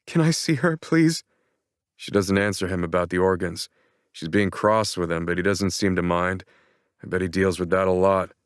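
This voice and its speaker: A male audiobook narrator with a very low, smooth, resonant voice. He reads first-person narration in a steady, earnest way. The sound is close and dry, as from a studio microphone. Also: moderate pace, no room sound.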